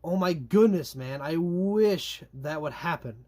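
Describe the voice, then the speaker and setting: A young man reviewing diecast race cars in a chatty, animated way, with slangy asides and drawn-out complaints. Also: on the high side. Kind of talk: casual product review.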